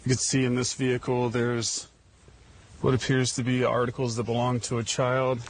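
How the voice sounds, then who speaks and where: An American man, a journalist, reporting on camera from a street, emotional and halting. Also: mid-range voice, completely flat delivery, slight background noise. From United States. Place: outdoors on a city street.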